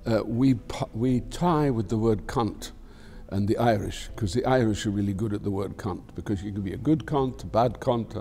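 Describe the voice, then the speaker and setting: Low-voiced with a dark tone, this older man from Scotland talks at normal speed and rarely pauses, faint music in the background. As an actor in a candid interview, he rambles reflectively and swears without restraint.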